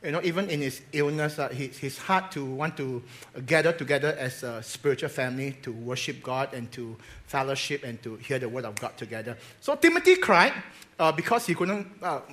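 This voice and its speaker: Energetic pastor preaching. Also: male voice, mid-range voice, brisk, hardly any pauses. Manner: energetic, repeats words, calls on the congregation. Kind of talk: sermon. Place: church hall.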